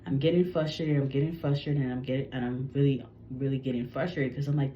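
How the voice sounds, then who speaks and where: A woman with a low voice tells a psychic channeling story to her viewers, rambling and often restarting her sentences. The recording sounds slightly dull and lo-fi, with faint background noise. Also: steady tone, fast talker, hardly any pauses, dark tone. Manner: rambling, frequent restarts and self-corrections. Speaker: psychic reader. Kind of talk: casual channeling story to camera.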